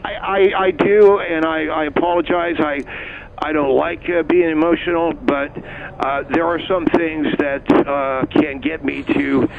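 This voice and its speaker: A man playing an excitable, touchy police officer guest who stammers and flies into outbursts, in a comedy radio bit. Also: fairly high pitch, unhurried, phone-quality sound, noisy background. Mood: flustered. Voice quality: stammering, gravelly. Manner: flustered, easily riled, outbursts. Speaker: comedic caller playing a cop.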